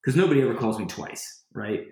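Fast and medium-pitched, this male guest animatedly tells a story from his own life during a casual interview. His sentences ramble and get restarted repeatedly. The recording has an echoey, roomy sound.

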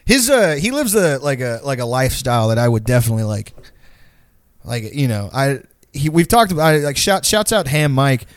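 A man's voice: medium pitch, big pitch swings, a little fast, no room sound, clean studio sound. A young man telling stories in a casual chat, rambling and profane, full of "like" and slang. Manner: rambling, profane storytelling with lots of "like". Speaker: podcast co-host.

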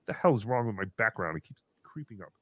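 A man in his thirties hosting a livestream, reading donations and joking around in a casual, animated way. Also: lowish voice, fast, husky, no echo, clean studio sound. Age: 30s. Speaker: livestream host.

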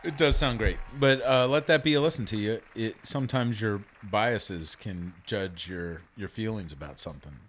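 Laid-back lower-voiced male co-host. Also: moderate pace, hardly any pauses, music in the background. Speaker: podcast co-host. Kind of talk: casual podcast chat.

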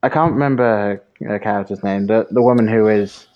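A man's voice: on the low side, a little fast, muffled recording. A man guesting on a podcast, chiming in mildly and hesitantly on a film review. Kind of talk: casual film review chat.

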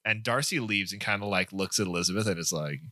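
A young man co-hosting a casual book-discussion chat, retelling scenes with profanity and quick acted-out quotes. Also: on the low side, sharp tone, no echo, studio quality. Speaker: podcast co-host.

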